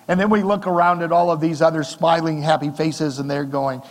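A middle-aged male pastor preaching a sermon in a church, talking conversationally with rhetorical questions and swings between soft and emphatic delivery. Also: a little high, steady tone, fairly quick, hardly any pauses, in a large hall. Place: church sanctuary.

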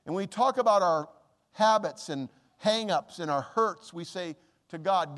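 A man preaching a sermon as a pastor, earnest and pleading, slowing down to stress scripture verses. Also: high-pitched, a bit bright, long reverb tail.

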